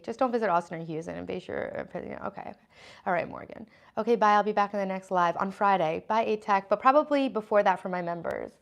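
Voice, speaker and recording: A woman hosting a casual livestream from her home kitchen, chatting and reading out viewer comments as she answers them. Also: mid-range voice. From United States. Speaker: livestream host.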